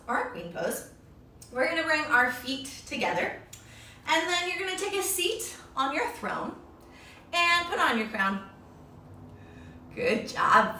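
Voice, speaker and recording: A woman's voice: on the high side, sharp tone, slight background noise. A young woman leading a children's yoga lesson, upbeat and encouraging, making animal sounds along with the poses. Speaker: kids yoga teacher. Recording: echoey room, distant mic.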